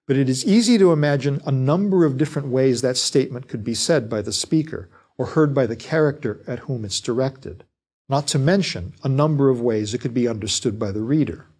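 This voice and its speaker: Measured male writing lecturer. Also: medium pitch, darkish tone, breathy edge. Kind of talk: scripted lecture.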